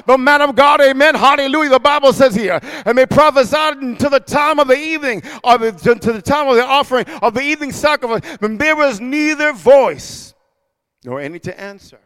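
A man preaching a fervent sermon, reading scripture aloud, swinging between shouts and hushed asides, and calling out for amens. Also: extremely high pitch, normal speed.

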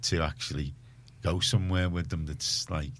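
In a radio studio, a Liverpool-accented man presents a community radio show, chatting casually in a rambling, self-mocking manner. His voice is low and fairly bright, with a steady tone and moderate pace.

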